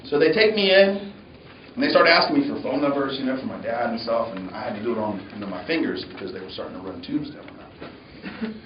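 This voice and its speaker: A man's voice: mid-range voice, fast talker, a little hiss or hum. Man telling a story in an echoey hall. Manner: animated, acts out voices. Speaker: motivational speaker. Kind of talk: motivational storytelling speech. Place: university lecture hall. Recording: echoey, distant, dull hall recording.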